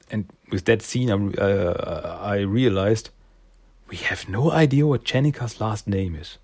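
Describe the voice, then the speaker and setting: Husky man rambling through a comic recap. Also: lowish voice, measured pace, darkish tone. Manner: rambling, loose storytelling with fillers. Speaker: comic reviewer.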